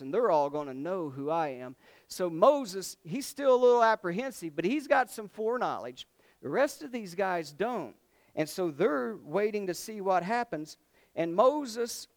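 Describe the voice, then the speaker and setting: Brief: male preacher, high and clear, conversational sermon. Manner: conversational, asks the congregation questions.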